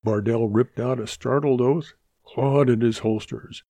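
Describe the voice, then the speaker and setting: A man reads a western story aloud at an unhurried pace, with a gravelly, dark-toned voice. His delivery is measured and deliberate, recorded close and dry with no room sound. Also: medium pitch, fairly even intonation, no echo. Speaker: narrator. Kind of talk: dramatic reading of a western story.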